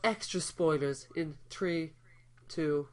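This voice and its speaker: An animated podcast co-host retells film scenes in a casual review chat. This speaker acts out the characters' lines while telling them. The delivery is playful and quick to tease. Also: mid-range voice.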